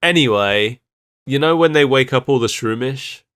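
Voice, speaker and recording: A man's voice: medium pitch, moderate pace, fairly bright tone, clear, resonant tone. Giggly man chatting on a podcast. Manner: giggly, laughs through sentences. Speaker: podcast co-host. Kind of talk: casual chat.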